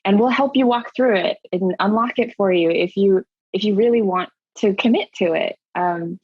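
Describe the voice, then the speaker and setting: A woman's voice: medium pitch, normal speed, husky, dry recording, muffled recording. A woman alumni panelist speaking earnestly and enthusiastically in a panel discussion.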